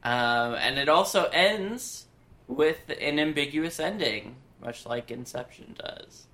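A man's voice: on the high side, animated, slow pace, bright, forceful tone. A man co-hosting a podcast, talking casually and thoughtfully about films. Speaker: podcast co-host. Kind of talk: casual film discussion.

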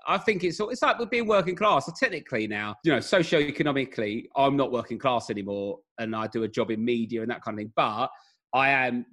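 A man in his thirties with a South East London accent, chatting casually as a podcast guest and rambling through animated stories. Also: mid-range voice, fast. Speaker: guest comedian. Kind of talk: casual chat.

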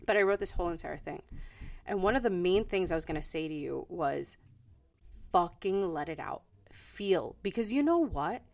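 A woman's voice: on the low side, expressive, a little fast, vocal fry. Blunt, swearing woman podcast co-host. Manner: blunt and frank, swears freely. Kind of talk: casual chat.

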